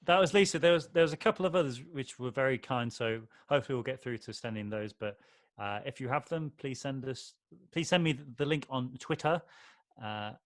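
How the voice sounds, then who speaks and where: A man's voice: medium pitch, animated, a little fast, no echo. A man co-hosting a podcast in casual chat, teasing and playful in banter. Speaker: podcast co-host.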